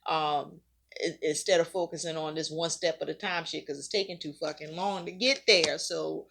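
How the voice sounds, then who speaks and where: A woman's voice: fairly low pitch, normal speed, vocal fry, a bit bright. A woman giving a casual tarot reading to her viewers. She talks conversationally, repeats herself often, uses a lot of fillers and swears casually now and then. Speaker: tarot reader.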